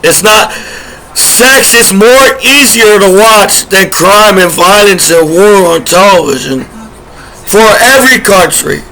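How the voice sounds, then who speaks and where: A man's voice: high voice, slow pace, bright, forceful tone, low-quality recording. A man vlogging to camera in a rambling, aggrieved, repetitive rant. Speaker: vlogger, disabled combat veteran. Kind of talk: rambling direct-to-camera monologue.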